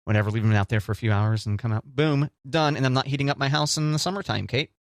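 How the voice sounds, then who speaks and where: A man's voice: medium pitch, quick pace, no room sound, clean studio sound. Playful man co-hosting a chat podcast. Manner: playful, jokey, animated storytelling. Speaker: podcast co-host. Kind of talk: casual chat.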